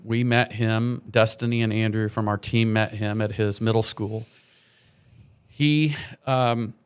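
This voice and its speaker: A man's voice: on the low side, smooth. A middle-aged man, a charity program leader, telling earnest, heartfelt stories as a guest on a morning TV interview in a studio.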